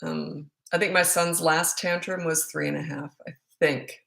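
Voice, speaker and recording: A woman's voice: deep voice, steady tone, a little slow, creaky, fairly bright tone. A woman in her fifties, a parenting coach answering questions with emphatic, repetitive advice and some self-mocking laughter. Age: 50s. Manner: emphatic, repeats key advice, laughs at herself. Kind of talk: live Q&A advice. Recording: roomy echo.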